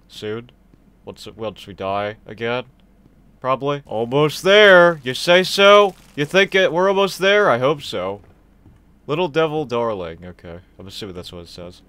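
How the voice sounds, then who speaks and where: A man's voice: medium pitch, a bit bright, smooth. A young man giving chatty, joking let's play commentary and talking to the game characters. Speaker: gaming streamer.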